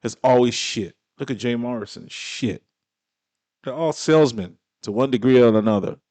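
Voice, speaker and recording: A man with a mid-pitched voice giving a blunt, exasperated reaction to a clip. His talk is slangy and full of curses. The sound is close and dry, with no room around it. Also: moderate pace, warm tone, no echo. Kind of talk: casual reaction commentary.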